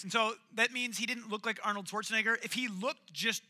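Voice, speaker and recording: A man preaching a sermon, retelling a story in an animated, jokey way. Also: high voice, a little fast.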